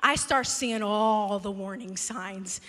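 A woman pastor telling a self-mocking story in a lively sermon. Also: mid-range voice, slow. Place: church sanctuary. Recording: large hall with long reverb.

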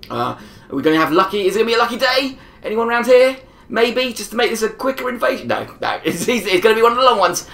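Gamer rambling through a match, laughs a lot, mid-pitched voice, echoey room. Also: creaky. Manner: chatty and rambling, laughs often. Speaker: gameplay commentator. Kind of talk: casual gameplay commentary. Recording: roomy echo.

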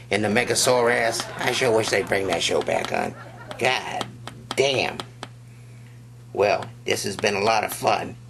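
Gravelly, slow-talking man doing crude stand-up. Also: fairly low pitch, fairly bright tone. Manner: profane, drawling, rough-edged delivery. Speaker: stand-up comedian. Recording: noisy live club recording.

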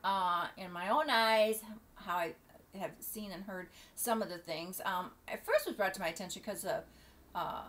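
A woman's voice: medium pitch, a bit bright, a little hiss or hum. Middle-aged lady rambling on her vlog, lots of ums and restarts, casual chatty talk. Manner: rambling, halting, with many fillers and restarts. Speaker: vlogger. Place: at home near the beach.

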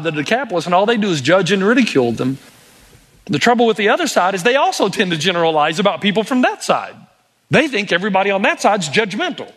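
A man, a pastor, preaching a sermon with animated storytelling and acted-out quotes. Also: high-pitched.

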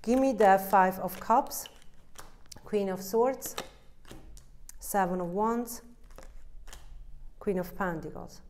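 A woman's voice: medium pitch, takes it slowly, long pauses, a little mellow, slight background noise. A woman with an Italian accent giving a direct-to-camera tarot reading, blunt and emphatic, with broken English. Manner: blunt and emphatic, acts out the listener's inner voice. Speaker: tarot card reader.

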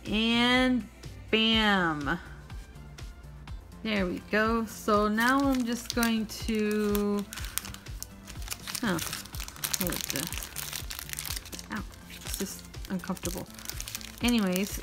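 A woman opening trading card packs on camera in a chatty, self-joking way, breaking into gasps of excitement. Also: fairly high pitch, slow pace, pauses often, over music. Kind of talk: casual pack-opening chat.

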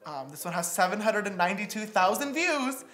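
A man's voice: high voice, big pitch swings, brisk, sharp tone, faint music behind. A man in his twenties giving a sassy, mocking commentary as he reacts to his old videos. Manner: sassy, mocking, with lots of laughing. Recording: echoey room.

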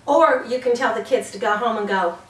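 A woman's voice: fairly high pitch, a little fast, roomy sound, far from the mic, rough recording. A woman demonstrating classroom cheers for teachers, bouncy, with whoops and sound effects. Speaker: early childhood teacher trainer.

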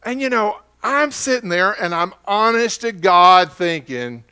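A man's voice: high-pitched, expressive, a little slow, pushed and bright, clean tone. A man with an Oklahoma accent preaching a sermon as pastor, telling stories in a folksy, conversational way.

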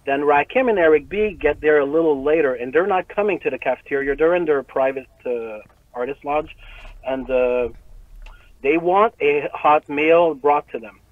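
Man, interview guest, casual storytelling, profane, animated, tinny phone-like sound. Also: a little high, normal speed, no room sound. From Montreal. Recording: tinny phone-like line, very dry.

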